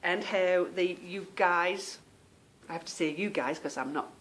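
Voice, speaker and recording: A woman's voice: lowish voice, unhurried, a bit bright. A woman from England with a British accent, hosting a podcast in a chatty, meandering way that often trails off. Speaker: podcast host. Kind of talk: casual chat.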